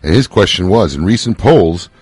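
A man's voice: low-pitched, expressive, normal speed, darkish tone, husky, no echo. A man hosting a talk radio show, easygoing and jokey as he thanks callers and introduces segments.

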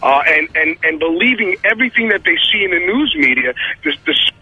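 A man calling into a radio show while pacing at a gas station, talking in heated, rambling bursts full of halting restarts. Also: on the high side, expressive, slightly rough, no room sound, muffled recording. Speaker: radio segment contributor. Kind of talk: casual talk-radio commentary.

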